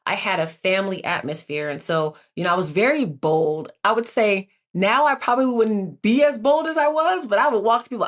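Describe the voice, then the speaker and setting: A woman's voice: medium pitch, brisk, hardly any pauses. A woman in her forties, a guest in an interview, telling her life story in an earnest, reflective way with many filler words. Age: 40s. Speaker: guest, Olympic athlete.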